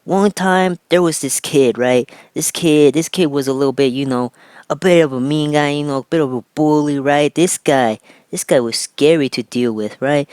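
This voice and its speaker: A man's voice: on the high side, moderate pace, darkish tone, clean tone, no room sound. A young man telling a rambling, casual story on a vlog, loose and profane, tacking "right?" onto nearly every phrase. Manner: loose and profane, with fillers and restarts. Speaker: vlogger.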